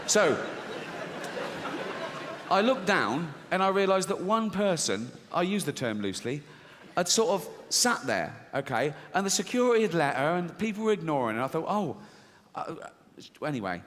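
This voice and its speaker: A man's voice: on the high side, very animated, moderate pace, fairly bright tone. A middle-aged man performing stand-up comedy, sardonic and profane, acting out bits of dialogue. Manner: sardonic, profane, mock-outraged asides and acted-out dialogue. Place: theatre stage before a live audience. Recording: live hall recording with reverb and faint noise.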